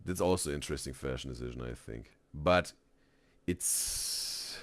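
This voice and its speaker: A man doing casual live reaction commentary, halting with many restarts, often tagging "right?" and "bro" and laughing loudly. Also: very deep voice, no echo. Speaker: reaction streamer.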